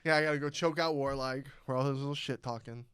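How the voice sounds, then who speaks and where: A man's voice: medium pitch, steady tone, quick pace, a bit bright, clear, resonant tone, no echo, clean studio sound. A young man co-hosting a podcast, bantering and cracking crude jokes. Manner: joking, profane banter. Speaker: podcast co-host. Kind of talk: casual chat.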